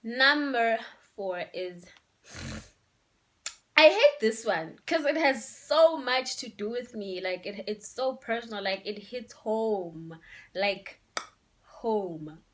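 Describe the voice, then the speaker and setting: Speaking slowly, this young Eswatini woman offers relationship advice in a laid-back but emphatic vlog, sprinkling in local words. Her voice is slightly high and fairly bright, with lively intonation.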